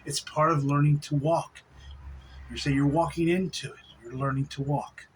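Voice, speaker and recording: A man giving a relaxed spiritual talk on video, laughing softly now and then and restarting his sentences. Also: fairly high pitch, normal speed, slight background noise, poor audio. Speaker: spiritual teacher.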